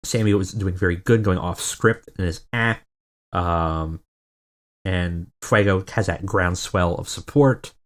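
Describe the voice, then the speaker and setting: A man's voice: low voice, a little slow. A man giving casual, rambling commentary on a wrestling management game, often correcting himself. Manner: rambling, self-correcting, chuckling. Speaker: video game let's player.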